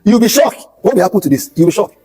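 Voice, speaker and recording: A Nigerian pastor gives an emphatic motivational talk with sermon-like storytelling in an event hall at a skills bootcamp, repeating key phrases for weight. His high voice is sing-song, warm and slightly rough, and he talks fast. Soft music plays behind him, and the audio is poor.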